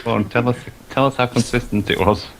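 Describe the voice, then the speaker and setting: A man with a northern English accent chatting as a podcast guest, cracking deadpan jokes. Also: mid-range voice, fast, a little hiss or hum. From northern England. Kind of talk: casual chat.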